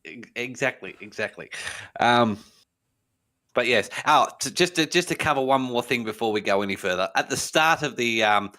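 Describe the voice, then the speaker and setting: A man with a bright, forceful voice at a middling pitch, trading jabs on a casual podcast. He teases his partner and breaks into laughter often. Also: expressive, moderate pace. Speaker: podcast co-host.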